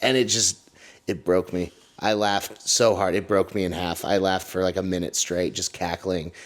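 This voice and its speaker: A man's voice: deep voice, little pitch movement, moderate pace. A man co-hosting a podcast, joking and teasing in casual chat, then telling his own story. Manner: teasing, jokey interjections. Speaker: podcast co-host, comedy event runner.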